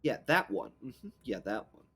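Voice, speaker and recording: A man's voice: mid-range voice, big pitch swings, moderate pace, slightly rough. A man running a tabletop game as game master, chatting casually, muttering and swearing to himself, then narrating the scene to his players. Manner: swears and mutters while searching, exclaims loudly.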